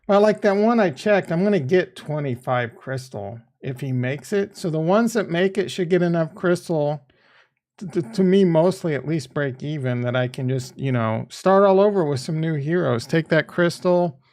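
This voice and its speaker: A man livestreaming a crypto game and chatting to viewers, excitable and rambling, laughing often and swearing casually. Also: fairly high pitch, moderate pace. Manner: rambling, thinks aloud. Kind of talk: live stream commentary.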